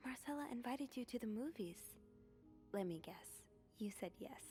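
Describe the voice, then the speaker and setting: A man putting on a high, hushed, half-whispered teasing inner voice. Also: expressive, moderate pace, faint music behind.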